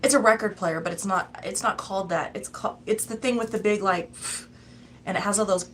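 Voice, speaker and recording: A woman's voice: medium pitch, a little fast, background noise. A woman giving a tarot reading in a casual, chatty, rambling way, often breaking into laughs. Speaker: tarot reader.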